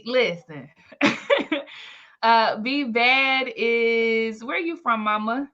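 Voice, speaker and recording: A woman hosting a live webinar with lively energy, calling out chat names and welcoming everyone in. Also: fairly high pitch, very slow, lo-fi sound. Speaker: webinar host. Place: home, in Maryland.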